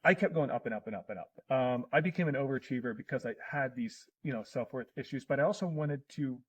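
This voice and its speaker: A man's voice: medium pitch, fast talker, husky, rough recording. A middle-aged man in casual conversation as a podcast guest, telling personal stories in an earnest, emotional way.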